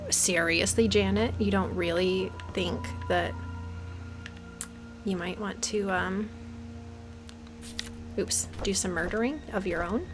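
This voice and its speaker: A woman's voice: medium pitch, takes it slowly, long pauses, over music. A young woman giving nervous commentary while playing a horror game, often dropping to a whisper. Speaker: let's play gamer.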